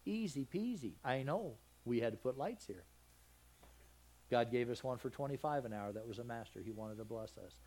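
A man's voice: mid-range voice, lively intonation, moderate pace, mellow. A man with a Southern accent preaching a folksy, conversational sermon, often asking his congregation questions. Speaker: pastor.

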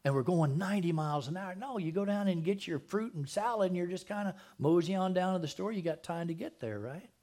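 A man's voice: high-pitched, a little fast, few pauses, darkish tone. A man preaching a conversational sermon as pastor at a church service, asking the congregation questions and dropping jokey asides.

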